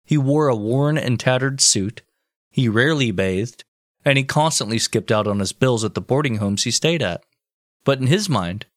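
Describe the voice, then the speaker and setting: A man's voice: medium pitch, dry recording, studio quality. A man co-hosting a podcast, telling a history story in casual chat, swearing freely. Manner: swearing, animated, deadpan jokes. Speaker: podcast co-host.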